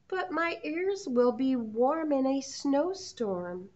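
A gentle, earnest little hedgehog, as a woman reads him aloud, lifted a bit above her usual voice and insistent in his innocence. He talks slowly with a lively, sing-song lilt. The sound is muffled and lo-fi. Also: sits high, voice pushed up, heavily acted.

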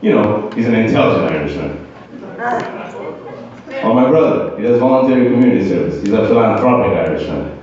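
A man's voice: on the low side, expressive, fairly quick, pauses often, darkish tone. A man doing a stand-up set, wry, rambling and self-mocking, from a country that was once a British colony. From former British colony. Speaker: stand-up comedian. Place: comedy club stage. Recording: dull, far-off echoey club recording.

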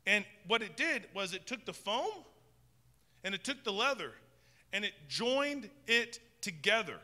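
A man's voice: high voice, very animated, measured pace, bright, forceful tone, long reverb tail. A man preaching a sermon as pastor in a conversational style, often restarting his sentences. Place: church sanctuary with long reverb.

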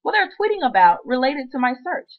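A woman's voice: sits high, big pitch swings, a little fast, narrow, tinny audio. A woman presenting a screen-recorded web marketing tutorial, chatty and upbeat with playful asides.

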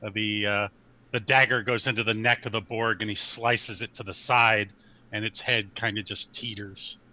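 A man's voice: on the low side, flat delivery, normal speed, bright, forceful tone, lo-fi sound. A man playing a tabletop role-playing game, asking about the rules and describing his character's moves. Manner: asks rule questions, describes action. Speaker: player. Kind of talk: casual game chat.

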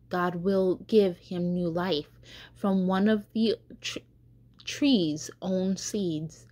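A woman catechist reading a children's story aloud, slow and careful, with small stumbles. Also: fairly low pitch, dark tone.

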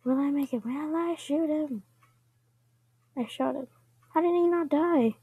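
A woman giving casual commentary over her own gameplay, chatting to herself and often dropping into quiet whispers. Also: high voice, unhurried, dry recording, narrow, tinny audio.

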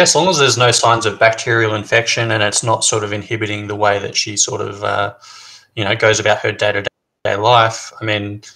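Male guest expert, crisp forceful tone, hesitant but reassuring, video-call audio. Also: fairly low pitch, rough recording. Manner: hesitant, filler-heavy, reassuring. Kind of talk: casual video chat.

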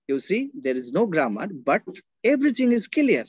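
A man's voice: sits high, very animated, moderate pace, breathy edge, no echo, muffled recording. A man with an Indian English accent giving an online teacher-training talk, explaining points and often checking in with "right?" and "okay?". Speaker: workshop speaker, linguist. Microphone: video call.

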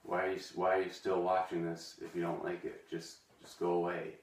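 A man playing an awkward, touchy video host who reads a bitter poem aloud in a deadpan way and then rambles hesitantly with many ums. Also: sits low, fairly quick, slight background noise, natural voice. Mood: awkward rambling. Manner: hesitant, full of ums and restarts. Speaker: comedy sketch character, hosts a web video. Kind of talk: deadpan comedic poem reading and rambling monologue. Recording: echoey room, voice from a distance.

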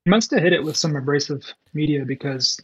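A man's voice: fairly high pitch, fairly quick, fairly bright tone, slightly rough, no echo, muffled recording. A man joining as a guest co-host on a remote call, chiming in with short, supportive comments. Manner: brief supportive interjections. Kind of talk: casual chat.

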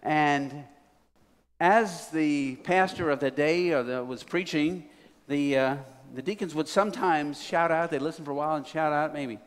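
A man preaching a sermon in a church sanctuary, telling his story in a folksy way with a fairly high voice. His words ring with a long reverb through the big room. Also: a little slow, clear, resonant tone. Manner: folksy, building to excited. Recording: reverberant hall.

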